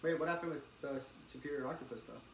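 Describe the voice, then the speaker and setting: A man in casual chat who keeps asking quick, curious questions about the story. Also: on the high side. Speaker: podcast co-host. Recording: roomy, distant mic with faint hiss.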